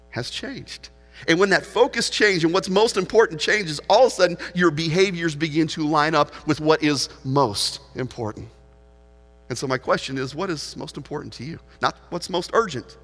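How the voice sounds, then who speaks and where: Male pastor, 40s, preaching a sermon, bright forceful voice, fairly high, long hall echo. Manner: animated storytelling, swinging between loud and hushed. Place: church auditorium.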